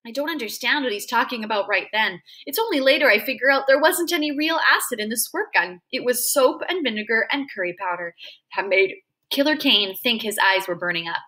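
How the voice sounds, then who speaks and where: A woman reading a novel aloud, telling the story in an expressive, dramatic way. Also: a little high, moderate pace. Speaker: reader.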